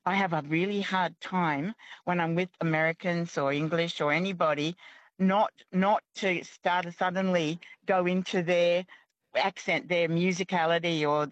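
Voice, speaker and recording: An Australian woman calling in to a radio show, talking in halting, restarting sentences about directing stage shows. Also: on the low side, no echo. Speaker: caller. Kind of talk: phone-in chat. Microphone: phone. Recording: dull, dry phone-in line.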